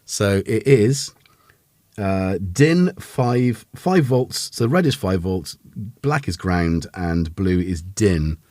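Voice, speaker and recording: A man's voice: low voice, animated, takes it slowly, dark tone, dry recording, studio quality. A man hosting a casual live synth demo, rambling with lots of fillers and self-corrections. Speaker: host of a synth livestream.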